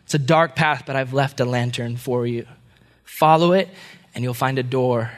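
Pitching his voice above his natural register, a man performs a kind young prince who gently and earnestly pleads with people to go to his father's kingdom. The voice is high, a bit bright, and lively in intonation, delivered at a normal speed.

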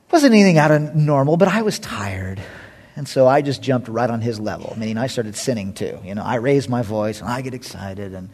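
A middle-aged man preaching a sermon as a pastor, impassioned, swinging between loud and hushed. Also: medium pitch, breathy edge.

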